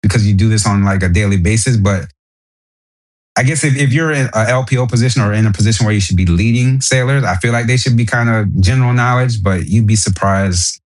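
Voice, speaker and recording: A man's voice: fairly low pitch, a little fast. A man with a New Orleans accent, a guest on a podcast, chatting casually and telling stories in an easygoing way. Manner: easygoing storyteller, animated when telling stories. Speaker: podcast guest, Navy sailor.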